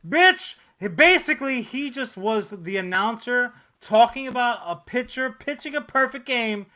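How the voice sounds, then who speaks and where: Man, podcast co-host, high pitch, bright voice, crude jokes, loud bursts. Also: expressive, measured pace. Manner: profane, jokey, loud bursts. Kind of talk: casual chat.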